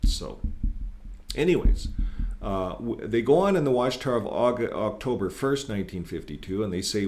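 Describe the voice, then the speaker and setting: A man's voice: lowish voice, moderate pace, vocal fry, darkish tone. A man hosting his own channel, talking casually and earnestly, reading and commenting on articles, often repeating words and using fillers. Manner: earnest, critical, grows emphatic when quoting. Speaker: channel host.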